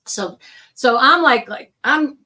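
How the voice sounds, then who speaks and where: Bright, animated New woman. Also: high-pitched, takes it slowly. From New York. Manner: animated storyteller who acts out the people in her stories. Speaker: guest, psychic medium. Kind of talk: casual storytelling interview.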